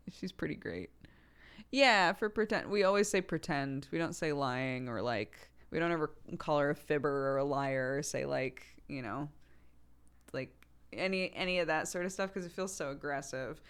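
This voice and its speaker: A young woman streamer casually telling a story, chatty and quick to laugh, with lots of "like" fillers. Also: sits low, clear, resonant tone.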